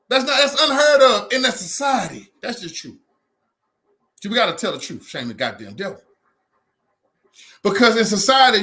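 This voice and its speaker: Brief: man, very high bright voice, impassioned preaching commentary, repetitive and loud at times. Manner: fiery, preachy, repeats himself, shouts at times. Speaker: commentator reacting to a speech.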